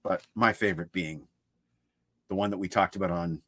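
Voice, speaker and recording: A low-voiced man at a moderate pace co-hosts a livestream, showing his CD collection with lively collector chatter. The audio is studio quality with no room sound.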